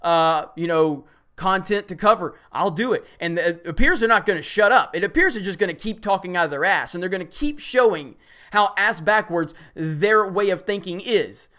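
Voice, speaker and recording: A man's voice: sits high, moderate pace, pushed and bright. A man hosting an online commentary show, talking in a blunt, heated rant. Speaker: commentary host. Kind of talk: opinionated commentary.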